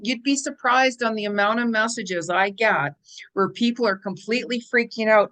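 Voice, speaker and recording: A woman's voice: mid-range voice, measured pace, a bit bright. A woman hosting a spiritual guidance channel, talking casually through a weekly forecast in a chatty, rambling way and repeating words for emphasis.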